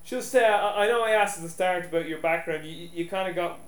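A man from Ireland hosting a casual interview, talking in a quick, eager, chatty way. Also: sits high. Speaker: podcast host. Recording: echoey room.

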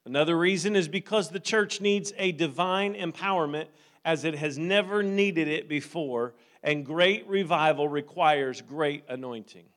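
High-voiced man preaching a sermon. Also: unhurried, fairly bright tone. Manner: conversational, building to fervent preaching. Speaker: pastor.

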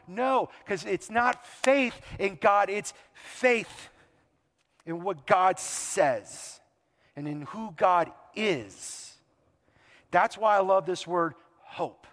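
Guy preaching, pretty high voice, lots of back-and-forth questions, big echoey hall. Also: slow pace. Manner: animated, rhetorical questions, acts out quoted voices. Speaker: pastor. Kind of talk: sermon. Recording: long hall reverb.

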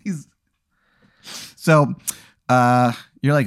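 A man's voice: mid-range voice, lively intonation, takes it slowly, clean tone, no room sound, clean studio sound. A man hosting a podcast, telling an improvised comic story with lots of fillers. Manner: rambling, filler-heavy, laughing narration. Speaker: podcast host.

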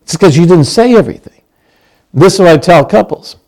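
Older male pastor in his sixties, slightly high voice; chatty, humorous sermon delivery with acted-out quotes. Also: lively intonation, brisk, mellow. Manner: conversational, humorous, acts out quoted lines.

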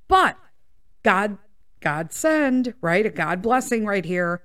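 A woman at a middling pitch talks casually through a personal story, wandering off on tangents and swearing freely. She sounds a bit congested and speaks with blunt, unfiltered candor. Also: big pitch swings, slow, a bit bright, no echo, studio quality. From United States. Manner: candid, profane, rambling with tangents. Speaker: podcast host.

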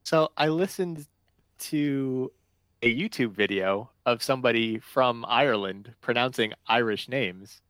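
A man's voice: mid-range voice, measured pace, a bit bright, clear, resonant tone, no echo. Dry-sounding man hosting a casual podcast. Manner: rambling, self-correcting, unsure. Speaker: podcast host. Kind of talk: casual chat.

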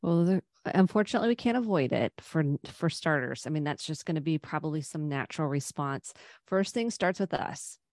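A middle-aged woman psychotherapist, a podcast guest, gives earnest, gentle advice on parenting and anxiety. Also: low-pitched, expressive, brisk, dry recording, studio quality. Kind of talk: podcast interview.

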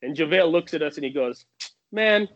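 Animated man telling a long story. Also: on the high side, lo-fi sound. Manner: animated, fast anecdotes with many restarts. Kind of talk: casual storytelling.

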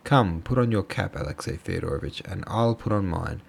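A man voicing a poor, excitable middle-aged captain who pleads and frets. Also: sits low, a little fast, gravelly, husky, heavily acted. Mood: pleading.

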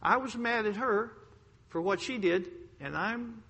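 A man preaching a sermon to a congregation, telling a personal story emphatically, swinging between loud outbursts and hushed lines. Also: sits high, unhurried, gravelly, husky, highs cut off. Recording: long hall reverb.

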